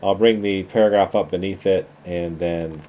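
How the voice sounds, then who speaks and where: A man teaching a class through a software tutorial, talking casually and thinking aloud as he works. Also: sits low, moderate pace. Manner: relaxed, conversational, thinking aloud while clicking. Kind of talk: screen-recorded software tutorial. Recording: slightly dull lo-fi sound with faint noise.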